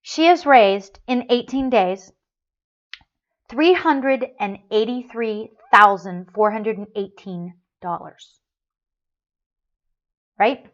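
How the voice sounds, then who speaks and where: Taking things slowly with long pauses, the slightly high-voiced host of a spiritual call-in show chats casually and reads a story aloud with feeling. She laughs often and frequently starts her sentences over, and the recording sounds dull and lo-fi.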